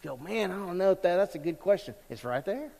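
A man's voice: sits high, animated, quick pace, gravelly, a little mellow, long reverb tail. A man preaching a sermon as pastor, conversational and emphatic, asking the congregation questions. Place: large church sanctuary.

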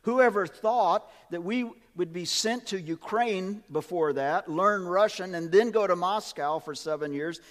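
A man preaching a sermon with emphasis, swinging from quiet asides to loud, lively peaks. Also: high voice, measured pace, hardly any pauses, big-room sound.

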